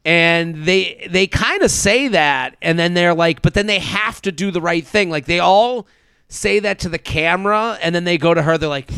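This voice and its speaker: A higher-pitched man with a smooth, clear voice chats casually as a podcast co-host. He acts out quotes with playful voices. The sound is dry and close, with no room echo. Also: moderate pace, bright, forceful tone. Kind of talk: casual recap chat.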